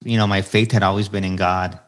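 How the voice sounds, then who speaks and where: A man in his forties sits down as a podcast guest, his voice sitting on the low side. He talks earnestly, turns to motivational points, and repeats key phrases so they land. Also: level tone, a little fast. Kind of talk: candid storytelling interview answers.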